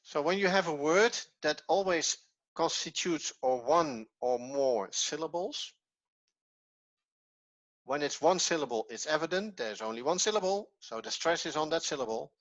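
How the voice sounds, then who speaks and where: A man's voice: a little high, expressive, moderate pace, a bit bright, muffled recording. A man with a Dutch accent, his first language Dutch, teaching an online language lesson patiently and step by step with repetition. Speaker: Hebrew teacher.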